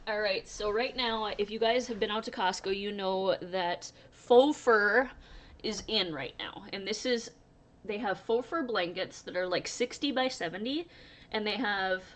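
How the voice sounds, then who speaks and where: Casting: young adult woman, chatty vlogger, easygoing storyteller, laughs often. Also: mid-range voice. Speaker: crochet vlogger. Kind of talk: casual chat to camera.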